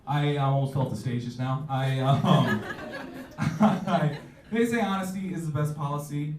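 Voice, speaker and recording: Heard from far off in an echoey club with background noise, a male comedian in his 20s delivers a stand-up set at normal speed in a higher-pitched voice. He mocks himself loosely and keeps jumping into different characters.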